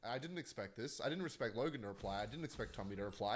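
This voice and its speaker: A man hosts a casual commentary vlog in a middle-pitched voice. He rambles in an animated, chatty way and breaks into laughs as he goes. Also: very fast, hardly any pauses, faint music behind. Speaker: commentary vlogger. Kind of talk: casual online drama commentary.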